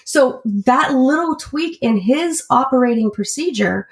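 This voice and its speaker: A woman's voice: high voice, animated, measured pace, a little hiss or hum. A woman who works as an auto shop service advisor, a podcast guest talking candidly and chattily with fillers and self-corrections. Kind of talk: casual interview chat.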